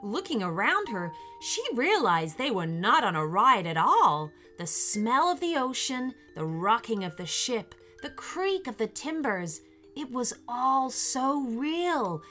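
A woman reading a children's story aloud in a gentle, expressive way, with faint music behind her. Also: a little high, slow. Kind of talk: scripted children's story narration.

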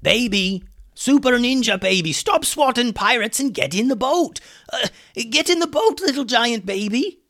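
A wild, excitable old chicken wizard from a storybook, as a man reads him aloud. His voice jumps high and loud, cracking upward when he yells. Frantic and bossy, never calm. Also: moderate pace, full character voice. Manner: shouting, frantic.

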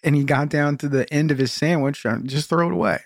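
A man co-hosting a podcast, chatting casually, teasing and laughing often, with halting restarts. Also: on the high side, no echo, clean studio sound. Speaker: podcast co-host. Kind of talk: casual chat.

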